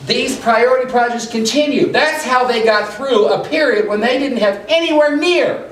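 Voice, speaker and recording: Excitable high-voiced male lecturer. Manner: hurried, excitable, many restarts. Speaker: political science lecturer. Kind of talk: animated public lecture. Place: breakfast meeting room. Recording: echoey room, mic far off.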